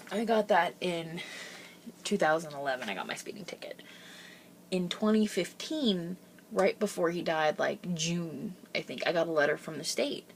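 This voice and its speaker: Young woman vlogger, lowish voice, rambling and chatty, laughs through her stories, recorded at home. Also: a little hiss or hum. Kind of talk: casual storytelling.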